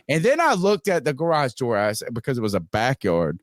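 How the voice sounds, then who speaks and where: A man telling a wild story on a podcast, swearing freely and jumping into loud voices for himself and his friend. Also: fairly high pitch, brisk, hardly any pauses, no echo, clean studio sound. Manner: animated, swearing, acts out both sides in raised voice. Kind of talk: casual profane storytelling.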